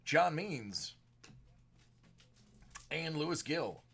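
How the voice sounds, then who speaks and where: A man's voice: a little high, very slow. Man with a sore, strained throat. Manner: rattles off card names, bursts of excitement at big pulls. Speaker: card breaker on a live stream. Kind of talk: live card-break commentary.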